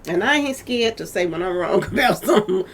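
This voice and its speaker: This host has a medium-pitched, slightly rough voice and a brisk delivery. On her own channel she talks celebrity gossip in an animated, chatty way, addressing viewers directly and often saying "y'all."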